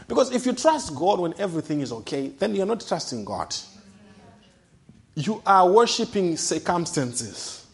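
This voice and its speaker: Fervent preacher with a higher male voice. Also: big pitch swings, normal speed, gravelly. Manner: emphatic, swinging between loud declarations and soft low asides. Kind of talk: sermon.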